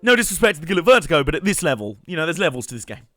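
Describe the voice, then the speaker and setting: A man's voice: fairly high pitch, sing-song, rapid-fire, pushed and bright, no room sound, faint music behind. A young man, chatting and joking while commentating his live gameplay stream. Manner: chatty, joking, rambling asides with laughs.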